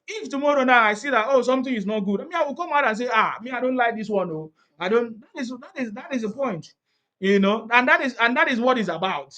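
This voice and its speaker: Nigerian guy with a high voice, chatty, keeps laughing and asking "you get me". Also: animated, fast talker, sharp tone. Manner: laughs often, repeats himself, rhetorical questions. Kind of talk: casual political chat.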